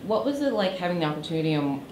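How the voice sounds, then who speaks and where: Quick low-voiced woman asking questions. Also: sing-song, darkish tone, a little hiss or hum. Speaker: interviewer. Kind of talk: interview question. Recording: echoey room.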